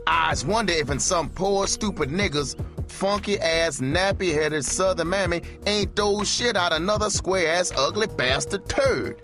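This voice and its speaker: A shrill, mocking caricature voice. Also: male voice, measured pace, few pauses, music in the background. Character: angry young male hustler mimicking a comic drawl.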